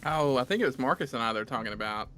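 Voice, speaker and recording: Bright-voiced Southern US man. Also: medium pitch, lively intonation, rapid-fire, faint music behind. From Southern United States. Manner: chatty, rambling storyteller. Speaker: streamer host reading chat. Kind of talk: casual gaming chat.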